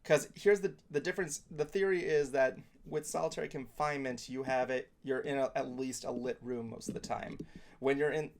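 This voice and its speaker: A man chatting on a talk show in a mid-pitched voice with a gravelly, creaky edge. He rambles and circles his points, leaning on filler words. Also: steady tone, moderate pace. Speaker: podcast co-host. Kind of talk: casual chat.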